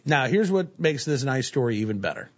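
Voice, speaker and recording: A man's voice: mid-range voice, a little fast. A man hosting a casual talk show. He reads news stories aloud and uses many fillers like "uh, you know.". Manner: relaxed, filler-heavy, says "uh, you know" often. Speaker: host. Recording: dull lo-fi recording.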